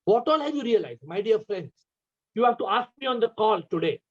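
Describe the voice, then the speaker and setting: A man with an Indian English accent, his voice high, brisk and slightly rough with lively intonation, gives a spiritual talk over a video call. As a spiritual teacher, he keeps asking his listeners one question after another. The call audio is dull and lo-fi.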